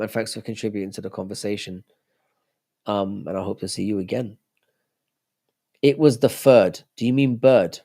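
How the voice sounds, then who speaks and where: With a medium-pitched, darkish voice, a young livestream host chats in a relaxed way, reading viewers' messages aloud and responding to them.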